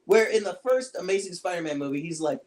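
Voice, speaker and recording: A podcast co-host chatting casually about movies, animated and acting out quotes. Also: fast. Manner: animated, acts out quotes with big pitch jumps.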